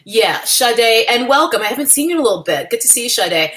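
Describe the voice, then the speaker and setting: Speaking fast in a bright, expressive, higher-pitched voice, a young woman runs a laid-back livestream from home in California. She's talkative and dry-humored, often laughing and calling out viewers by name.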